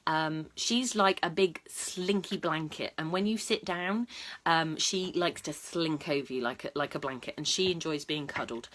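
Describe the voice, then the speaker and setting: A woman's voice: deep voice, a bit bright. A woman talking casually to camera as a dog trainer, chatty and matter-of-fact, with lots of ums and restarts. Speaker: dog trainer and vlog host. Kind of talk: casual advice talk to camera.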